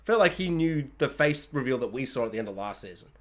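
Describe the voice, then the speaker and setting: A man with a medium-pitched voice casually reviews a TV season. He is excitable and quick to slip into silly voices whenever he quotes characters.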